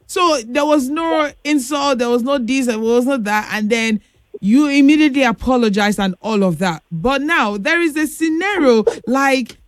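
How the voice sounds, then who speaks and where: Playful, unhurried woman host, dry sound. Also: fairly high pitch, no echo. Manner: playful, laughs often, affectionate. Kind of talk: casual advice chat.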